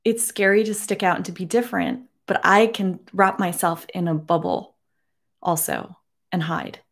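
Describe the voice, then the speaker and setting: A woman in her forties speaking earnestly to camera from her home, emotional and holding back tears, with many halting restarts. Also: fairly low pitch, expressive, vocal fry. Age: 40s. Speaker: beauty vlogger. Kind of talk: personal address to camera.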